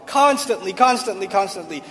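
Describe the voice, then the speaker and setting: A man's voice: high voice, animated, normal speed, fairly bright tone, in a large hall. A man giving a sermon that explains Quranic Arabic to a seated audience. He speaks emphatically and repeats phrases for stress. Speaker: Islamic preacher.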